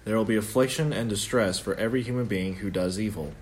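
A man's voice: on the low side, quick pace, a little hiss or hum. A young man leading an informal Bible study in a conversational, earnest way, often correcting himself mid-sentence.

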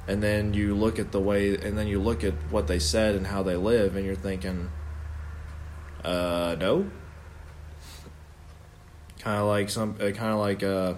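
A man's voice: lowish voice, little pitch movement, brisk, few pauses, a little mellow, slight background noise. A young man leading an informal Bible study in a conversational, earnest way, often correcting himself mid-sentence.

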